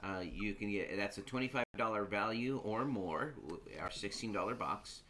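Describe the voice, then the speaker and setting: A man's voice: lowish voice, normal speed, pushed and bright, a little hiss or hum. A man in his thirties hosting a casual live stream, rambling with many fillers and laughing easily. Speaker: host.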